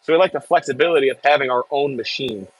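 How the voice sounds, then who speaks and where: A man's voice: mid-range voice, quick pace, slightly rough, rough recording. A man with a Midwestern American accent chatting casually on a live stream, reading viewer comments aloud with jokey asides. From Midwest United States. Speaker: farm worker live-streaming from an excavator.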